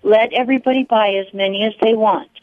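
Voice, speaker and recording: A woman's voice: mid-range voice, fairly even intonation, quick pace, no echo. A woman calling in to a radio show, chatting casually and offering a friendly tip. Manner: chatty, gives friendly tips. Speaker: caller. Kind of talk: casual phone-in chat. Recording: dull lo-fi call-in line.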